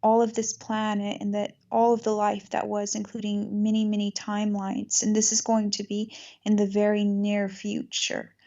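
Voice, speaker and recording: Woman host, low-key gravelly voice, even delivery, earnest chat on dull lo-fi audio. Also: moderate pace, few pauses. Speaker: podcast host. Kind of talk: casual spiritual conversation.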